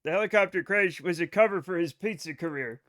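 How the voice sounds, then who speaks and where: Excitable bright-voiced male streamer. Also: high voice, a little fast. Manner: excitable, swears when frustrated, reads chat aloud. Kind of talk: live gaming stream chat.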